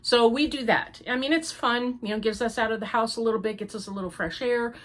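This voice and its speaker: A woman's voice: on the high side, a little fast. An older American woman, rambling chattily as she hosts a crafting podcast. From United States. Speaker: podcast host. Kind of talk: casual chat.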